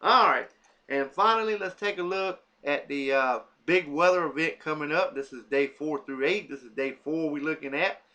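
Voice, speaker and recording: Guy doing a homemade weather forecast, lots of uhs, bright voice, just rattling off towns. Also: a little high, normal speed. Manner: casual, with many "uh" fillers and restarts; reads lists of cities off a map.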